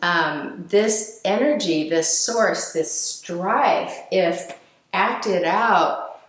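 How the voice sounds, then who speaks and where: A woman giving a reflective teaching talk, speaking gently with frequent fillers and restarts. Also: fairly low pitch, extremely slow, echoey room, poor audio. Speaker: speaker on emotional healing.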